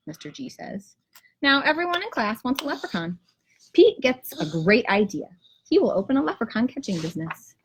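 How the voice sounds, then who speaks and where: A kindergarten teacher reading a picture book aloud to children on a live stream from home, with lively storytelling. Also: female voice, high-pitched, fairly quick, a little hiss or hum. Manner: lively storytelling, rhymes read with bounce. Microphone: camera or phone on a live stream.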